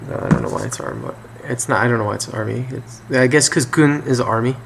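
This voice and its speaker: A man casually explaining Korean phrases from a game, thinking aloud with frequent pauses and restarts. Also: medium pitch, vocal fry, a bit bright, a little hiss or hum. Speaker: language tutor.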